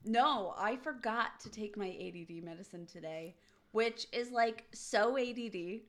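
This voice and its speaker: A woman's voice: mid-range voice, unhurried. A woman co-hosting a casual sports podcast who drifts into jokey, rambling tangents. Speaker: podcast co-host.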